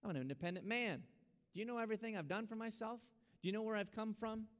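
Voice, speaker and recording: A man's voice: mid-range voice, lively intonation, a little fast, gravelly, big-room sound. A male preacher voicing a proud, self-reliant man who boasts about everything he has done for himself. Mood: indignant.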